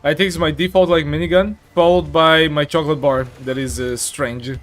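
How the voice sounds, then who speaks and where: A man's voice: fairly high pitch, fairly even intonation, normal speed, fairly bright tone. A man streaming a game, chatting casually, reading chat aloud and filling gaps with "like" and "uh". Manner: chatty, reads chat aloud, many fillers. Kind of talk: casual live-stream commentary.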